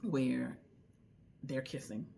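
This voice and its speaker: A woman recommending a book in a casual, chatty way, retelling the story with lively asides. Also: very deep voice, very slow, creaky, slight background noise. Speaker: book reviewer.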